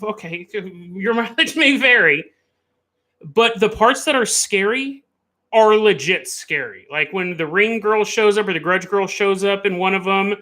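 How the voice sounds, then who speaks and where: A man hosting a casual live stream, rambling and animated, laughing often as he chats. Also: sits high. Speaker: podcast host.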